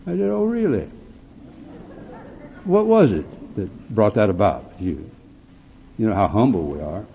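A man speaking at a recovery meeting, telling his story bluntly with gruff, dark humor. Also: lowish voice, very animated, a little slow, in a large hall. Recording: tinny phone-like recording with faint hiss.

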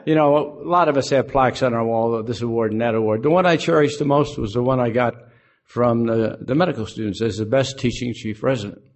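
A man's voice: medium pitch, fairly quick. An older man from Illinois telling a folksy, self-mocking story to a group, acting out both sides of conversations. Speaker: recovery meeting speaker.

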